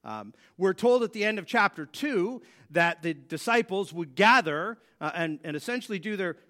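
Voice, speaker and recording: A man's voice: high-pitched, sing-song, moderate pace, fairly bright tone. A man teaching a Bible lesson in a conversational way, with dry sarcastic asides. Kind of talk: Bible teaching with scripture reading.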